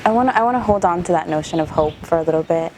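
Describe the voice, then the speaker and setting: A woman interviewer asking gentle questions and offering short encouragements. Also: on the low side, racing, background noise.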